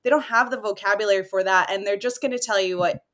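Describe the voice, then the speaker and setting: A woman's voice: medium pitch, quick pace, a bit bright. A woman hosting a podcast, conversational and thoughtful as she builds on her guest's points. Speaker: podcast host.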